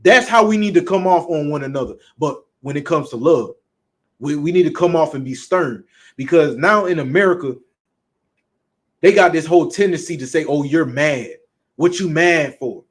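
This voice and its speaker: A man's voice: on the high side, normal speed. A man with a Southern US accent preaching bluntly and emphatically, with frequent profanity. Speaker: street preacher. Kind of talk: preaching talk.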